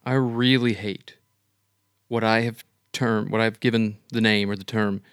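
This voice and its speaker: A man in casual chat who builds up to his point slowly and deliberately. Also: fairly low pitch, steady tone, smooth, no room sound, studio quality. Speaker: podcast co-host.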